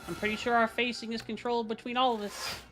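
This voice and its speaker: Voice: medium pitch, flat delivery, fast, poor audio. A streamer chatting playfully during a game, dropping in silly sound effects. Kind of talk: casual gaming chat. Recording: faint game music behind.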